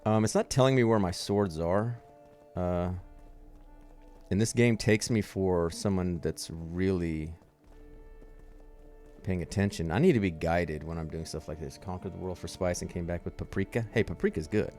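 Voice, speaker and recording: A man's voice: low-pitched, moderate pace, darkish tone. A man casually joking and rambling as he plays through a game, swearing now and then. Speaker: streamer playing a game mod. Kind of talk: casual gaming commentary. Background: faint game music.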